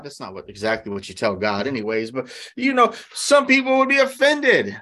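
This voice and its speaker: A man's voice: high-pitched, huge pitch swings, moderate pace, hardly any pauses, bright, forceful tone. A male pastor preaching a sermon in a conversational way, asking rhetorical questions and acting out quotes.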